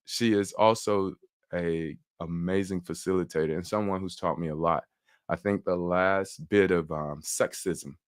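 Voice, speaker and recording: A man's voice: sits low, clean tone, dry recording, clean studio sound. A man hosting a live online summit, talking casually with lots of fillers and restarts. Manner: animated, chatty, many fillers and restarts. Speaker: summit host.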